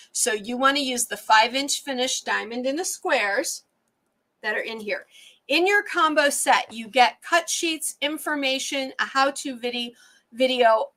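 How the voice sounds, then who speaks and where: A middle-aged woman, teaching quilting on a casual live stream, chatty and warm toward her viewers, restarting her sentences often. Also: fairly high pitch. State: tired and emotional.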